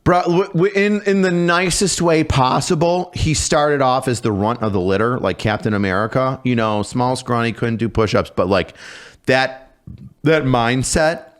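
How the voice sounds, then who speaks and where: A man's voice: mid-range voice, unhurried. A man in his thirties, a former drill sergeant, telling a story casually on a podcast, swearing freely. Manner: animated, profane, acts out shouted exchanges.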